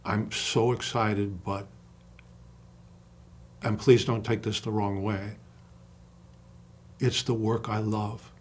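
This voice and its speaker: An older man, an acting coach, talking in an interview with passion and slowing down to stress single words. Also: fairly low pitch, flat delivery, breathy edge. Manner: passionate, emphatic storyteller who acts out quoted dialogue. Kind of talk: interview conversation.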